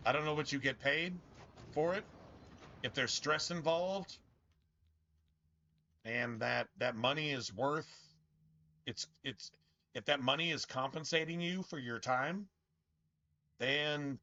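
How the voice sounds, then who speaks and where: A man's voice: a little high, sharp tone. Blunt, profane man lecturing. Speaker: gaming streamer. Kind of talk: blunt live-stream rant while playing. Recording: dull lo-fi stream audio.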